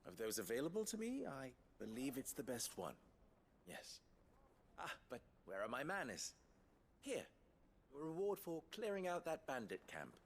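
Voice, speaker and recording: An actor voicing a composed, theatrical man in a video game, speaking in a measured, formal way. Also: medium pitch, wildly swooping pitch. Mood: polite. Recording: faint game music behind.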